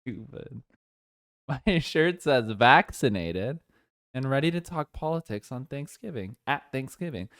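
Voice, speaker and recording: A man's voice: medium pitch, expressive, a little slow, fairly bright tone, no echo, studio quality. A young man co-hosting a podcast in casual chat, rambling and jumping between thoughts. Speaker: podcast co-host.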